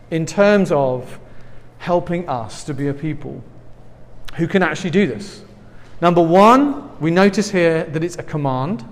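An English man preaching a sermon in a big hall, his slightly raised voice trailing off into long reverb. He talks earnestly but conversationally, and a face mask softens his words. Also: a little high. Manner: earnest and conversational, with asides and light laughs. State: speaking through a face mask. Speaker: pastor.

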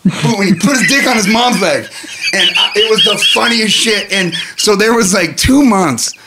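A man's voice: high voice, moderate pace, very noisy. A man in his thirties telling profane, laughing stories in casual conversation. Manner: profane, laughing, animated storyteller. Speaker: podcast guest. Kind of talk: storytelling in casual chat.

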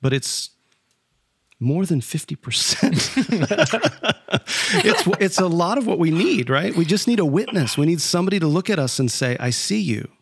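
A man's voice: high-pitched, very animated, moderate pace, long pauses, husky. A man co-hosting a casual spiritual conversation, reflective and thinking aloud. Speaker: podcast co-host.

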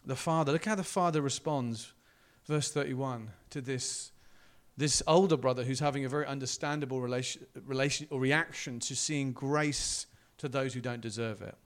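A male pastor preaching a sermon in a church, telling the story in an animated way and acting out the quotes. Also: medium pitch, moderate pace.

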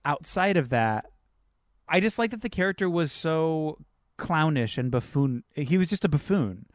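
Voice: medium pitch, animated, moderate pace, dry recording, clean studio sound. A podcast co-host in casual chat, thoughtfully analyzing a film's characters and often hedging with "I do think". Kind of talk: casual film critique chat.

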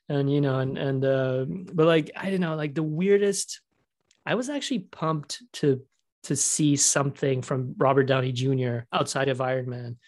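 Man, casual podcast chat, rambling, restarts, mid pitch. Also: moderate pace, a little mellow. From outside Britain, English teacher was Welsh. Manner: rambling, many restarts, mimics accents in bursts. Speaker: podcast co-host.

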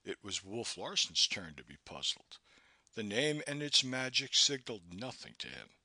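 Man reading an audiobook, sharp bright tone, pitch jumps around a lot. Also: sing-song, normal speed, dry recording. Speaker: audiobook narrator. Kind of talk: scripted narration.

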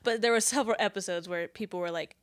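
A woman's voice: medium pitch, fast talker, no room sound, clean studio sound. A woman, a guest on a podcast, chatting casually and telling anecdotes with quoted reactions. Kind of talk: casual chat.

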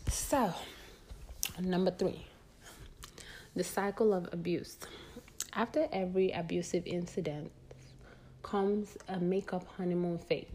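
A woman's voice: lowish voice, fairly even intonation, unhurried, long pauses, mellow, slight background noise. A young woman hosting a podcast, talking candidly in a casual advice monologue drawn from her own life. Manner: candid, conversational, sharing personal stories. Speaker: podcast host.

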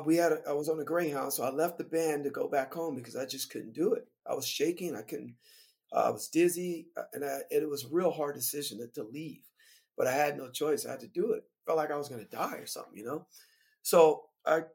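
A man who plays in a band, telling a story from the road as a guest on a podcast, lively and laughing as he recounts it. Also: a little high, brisk, vocal fry. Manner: animated, vivid retelling with laughter. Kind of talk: casual storytelling.

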